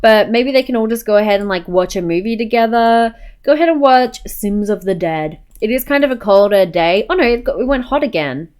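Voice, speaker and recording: A woman's voice: on the high side, animated, a little fast, hardly any pauses, darkish tone, smooth. A woman giving casual, chatty commentary while playing a life-sim game, often saying "go ahead and". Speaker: gameplay narrator.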